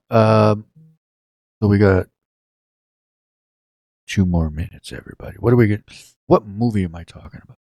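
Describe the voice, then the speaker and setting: A low-voiced man chats loosely on a home live stream and jokes his way through stray tangents. He speaks close to the mic, with a dry sound and hardly any room around him. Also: a little mellow, dry recording. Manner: rambling, joking, talks to chat viewers by name. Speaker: livestream host. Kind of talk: casual live-stream chat.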